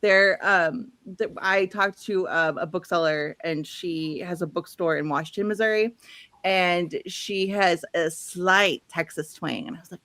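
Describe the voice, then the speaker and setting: A woman's voice: on the low side, moderate pace, fairly bright tone, no room sound. A woman from the Midwest hosting a casual book livestream, chatty and laughing often as she reads out viewer comments. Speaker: host.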